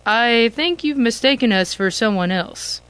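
A woman's voice: a little high, measured pace, smooth. Woman voicing an eager adventurous uncle. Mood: puzzled. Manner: eager, upbeat, raises voice with excitement. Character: cheerful middle-aged man, adventurous uncle.

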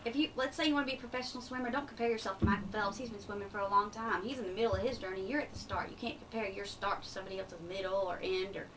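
A woman's voice: medium pitch, fairly bright tone. A young woman with a light Eastern Kentucky accent, speaking earnestly and upbeat as a radio interview guest. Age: young adult. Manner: earnest, upbeat, quick to laugh. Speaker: pageant titleholder guest. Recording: distant mic with faint background noise.

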